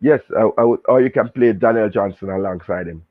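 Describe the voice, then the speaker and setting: A man with a Jamaican accent chatting casually about football, animated and full of patois banter. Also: fairly low pitch, a little fast. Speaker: show guest and pundit. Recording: tinny phone line.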